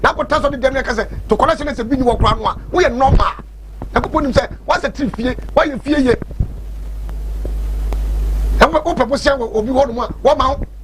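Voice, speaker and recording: A man in a studio talk show discussion, explaining quickly and repeating words. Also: very high-pitched, background noise. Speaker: panelist.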